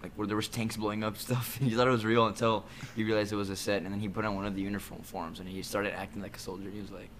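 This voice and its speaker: A man's voice: fairly low pitch, flat delivery, quick pace, few pauses, fairly bright tone, slight background noise. A man co-hosting a podcast from home, chatting in an easygoing, laid-back way on a desk mic. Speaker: podcast co-host. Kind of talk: casual chat. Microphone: desk USB microphone.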